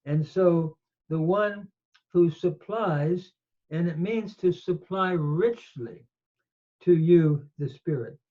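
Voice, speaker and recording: A man's voice: a little high, narrow, tinny audio. A man teaching a Greek grammar lesson on scripture, explaining verb forms step by step with fillers. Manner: slow, methodical explanation with fillers. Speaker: Bible teacher.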